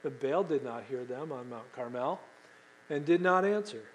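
A middle-aged man preaching a sermon, animated and asking the congregation questions, acting out the people he quotes. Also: mid-range voice, moderate pace, rough recording. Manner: acts out quoted voices. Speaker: pastor.

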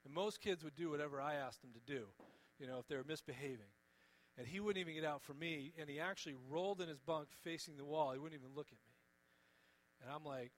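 A man preaching a sermon in an earnest, gentle, pleading way, often dropping soft on key words. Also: on the high side, a little fast, a little hiss or hum, rough recording. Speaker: pastor.

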